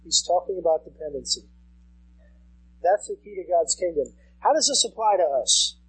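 A man's voice: high voice, lively intonation, moderate pace, fairly bright tone, breathy edge, poor audio. A man in his thirties preaching a sermon as pastor, conversational and repeating key phrases for emphasis. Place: church sanctuary.

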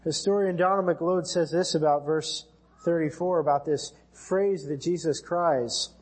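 In an unhurried, earnest sermon, a male American pastor speaks with a husky, mellow tone. He pitches slightly high, climbing higher whenever he reads from scripture.

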